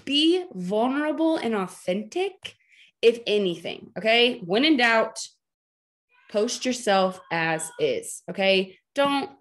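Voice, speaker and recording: A woman in her thirties coaching her team on a video call, chatty and joking, with frequent emphatic "okay?" check-ins. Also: medium pitch. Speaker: team leader training her sales team. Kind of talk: training talk on a video call.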